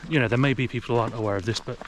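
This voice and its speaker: A man's voice: medium pitch, rapid-fire. Outdoor vlogger, English man, chatty, recorded on a camera in the woods with wind noise. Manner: chatty, talks to his dog in a raised sing-song voice. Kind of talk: casual walking commentary. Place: outdoors in a forest. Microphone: action camera.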